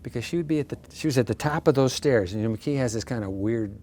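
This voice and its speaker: A pastor in his sixties, guest in an interview, telling stories in a lively way with self-deprecating humor. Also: mid-range voice, fast, slight background noise. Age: 60s. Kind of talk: storytelling in a casual interview.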